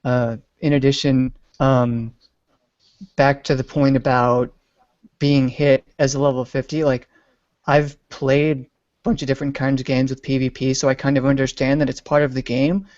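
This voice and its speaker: A man's voice: mid-range voice, level tone, normal speed, darkish tone, no echo, dull audio. A man talking loosely about a game in a casual group discussion, with fillers and jokes. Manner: rambling, joking, with fillers. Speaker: podcast panelist.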